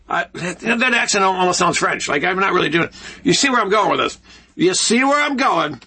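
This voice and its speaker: A man hosting a talk show alone in a studio, ranting with animated sarcasm. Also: sits high, fairly quick, breathy edge. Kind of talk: solo ranting commentary.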